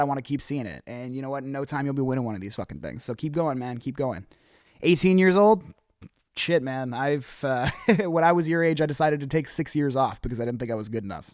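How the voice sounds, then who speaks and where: A man's voice: medium pitch, dry recording, clean studio sound. A young man hosting a rap feedback show, giving candid casual critique with frequent swearing and many ums and restarts.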